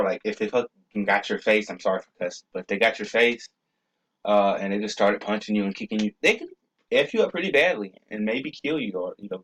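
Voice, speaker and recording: Rambling young man with a lowish voice. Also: a bit bright, poor audio. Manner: loose and rambling, with many fillers, stammered restarts and cussing. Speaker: video creator. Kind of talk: casual rambling vlog talk.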